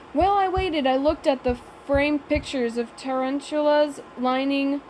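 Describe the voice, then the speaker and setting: Woman narrator, high voice, wry and sarcastic, first-person audiobook reading. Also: measured pace, few pauses, a little mellow, slight background noise, poor audio.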